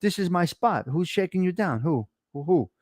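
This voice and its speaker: A man's voice: high voice, expressive, darkish tone, no echo, studio quality. A man voicing a menacing, hot-tempered mob boss who curses and barks questions. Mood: aggressive. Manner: cursing, barking rapid questions.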